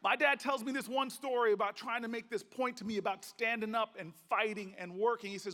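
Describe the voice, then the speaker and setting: A senator delivers an impassioned keynote in a large conference hall, rousing and rhythmic, using repetition and folksy stories. His high, pushed, bright voice moves briskly with few pauses and fairly even intonation, and the hall adds long reverb.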